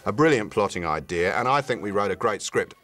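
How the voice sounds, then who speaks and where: A man's voice: fairly low pitch, lively intonation, fairly quick, fairly bright tone. A man, a comedy writer, talking enthusiastically in an interview with many restarts.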